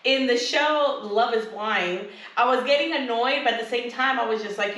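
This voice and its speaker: A woman co-hosting a casual podcast, rambling through stories and slipping into voices for what others said. Her voice sits a little high. She sounds set back from the mic in an echoey room. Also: moderate pace, a bit bright, distant mic. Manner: rambling, acts out quotes. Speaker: podcast co-host. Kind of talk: casual chat.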